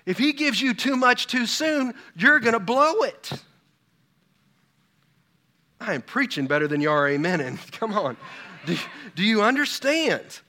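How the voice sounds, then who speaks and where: A man's voice: extremely high pitch, big pitch swings, measured pace, pauses often, pushed and bright. A pastor in his fifties preaching a sermon, full of rhetorical questions and personal stories. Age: 50s.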